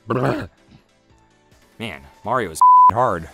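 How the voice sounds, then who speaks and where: Expressive woman, dry close sound. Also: rumbling low, slow pace, slightly rough, no echo, faint music behind. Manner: self-mocking, grumbles at noises. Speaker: fan voice actor, channel owner. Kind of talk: casual outtake chatter.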